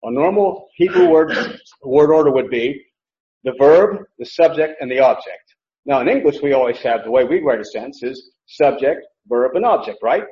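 A man's voice: medium pitch, lively intonation, moderate pace, warm tone. A man preaching a sermon, teaching emphatically and asking the congregation rhetorical questions. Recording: echoey, dull lo-fi recording.

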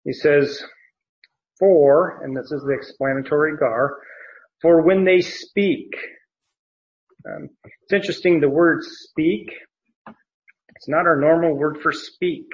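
A man teaching scripture in an unhurried, measured way, his voice sitting a little high for a man. He works through the text with many pauses and "uh"s. The sound is slightly dull and muffled. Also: steady tone. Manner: slow and deliberate, with frequent fillers and restarts. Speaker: Bible teacher. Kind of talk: verse-by-verse Bible teaching.

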